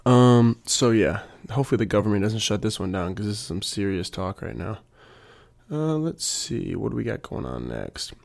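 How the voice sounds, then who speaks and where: A man's voice: lowish voice, sing-song, normal speed, creaky, darkish tone. A young adult man, a PE teacher, rambling in a casual, jokey monologue and working himself up. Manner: jokey, self-mocking, gets worked up.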